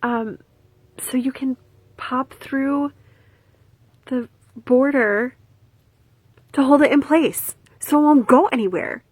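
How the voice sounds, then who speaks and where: A young woman vlogging about crafts and a gift package, gushing with excitement and dropping from soft whispers to squeals. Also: high-pitched, slow pace, long pauses, no echo. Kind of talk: casual vlog, showing crafts.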